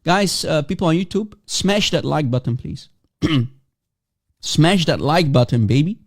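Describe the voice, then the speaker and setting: Male stream host, taunting and playful, fairly high voice that swings widely. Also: expressive, a little slow. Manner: mocking and provocative, repeats and teases. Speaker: livestream host. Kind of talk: casual livestream chat taking guests.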